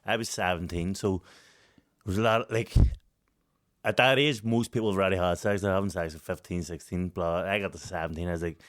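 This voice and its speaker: A Northern Irish man in his thirties, co-hosting a podcast, tells a story in casual chat with a voice that sits low and runs a little fast. He's animated, swears a lot, and keeps breaking into laughter.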